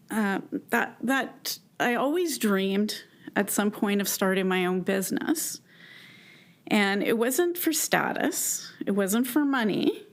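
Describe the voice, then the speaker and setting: Slow, earnest woman telling her story. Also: a little high. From Canada. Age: 50s. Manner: earnest and emotional, halting with restarts. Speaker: keynote speaker. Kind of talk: personal story talk to a live audience.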